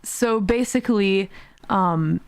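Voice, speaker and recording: A woman's voice: mid-range voice, slow, smooth. A woman streaming a game in a casual, exasperated way, laughing often and swearing.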